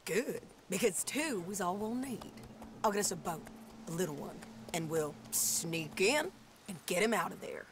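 A woman's voice: lowish voice, expressive, moderate pace, background noise, close to an everyday voice. A woman voicing a fierce, vengeful frontier outlaw woman who talks blunt and hard. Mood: grim determined. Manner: curses and shouts in gunfights, hard and blunt. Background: game music.

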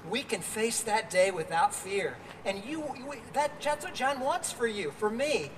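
A man's voice: high voice, animated, unhurried, long reverb tail, far from the mic, a little hiss or hum. An older man preaching a sermon outdoors as pastor, earnest, with fillers and restarts.

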